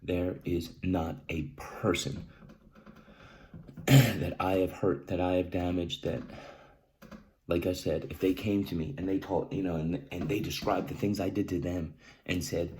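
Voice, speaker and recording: Deep-voiced man, emotional, blunt, repetitive advice, faint hiss behind. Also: steady tone, a little mellow. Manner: emphatic, repeats key phrases, says "right?" often; halting, restarts, clears throat often. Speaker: vlogger sharing personal experience. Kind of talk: earnest direct-to-camera advice talk.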